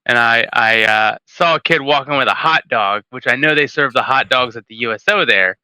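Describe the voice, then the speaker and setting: A man on a podcast tells a story in a casual, laughing way, acting out what people said. His voice is very bright and crisp, and the sound is dry and close. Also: medium pitch, moderate pace, no room sound, low-quality recording. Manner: storytelling with acted-out quotes, laughing. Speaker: podcast guest. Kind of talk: casual chat.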